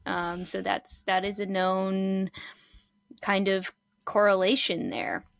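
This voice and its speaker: A woman co-host explaining psychology concepts in a calm, measured way, with plenty of ums. Her voice sits at a middle pitch and sounds dry and close to the microphone. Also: creaky, clean tone, no room sound. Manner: calm and explanatory, many ums and short backchannels. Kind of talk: explaining psychology in casual chat.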